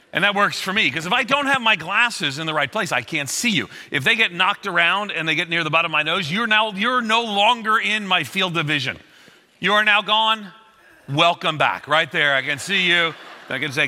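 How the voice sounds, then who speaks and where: A man's voice: fairly high pitch, moderate pace, long reverb tail. A middle-aged man preaching a sermon as a pastor, telling stories with acted-out quotes. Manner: animated storytelling with acted quotes.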